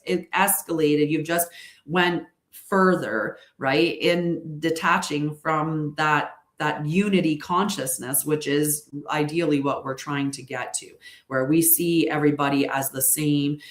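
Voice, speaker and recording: A woman's voice: low-pitched, steady tone, unhurried, roomy sound. A woman leading a group spiritual session, explaining ideas in a conversational way and often checking in with the listener. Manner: conversational, keeps checking in with "right?". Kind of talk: casual spiritual talk.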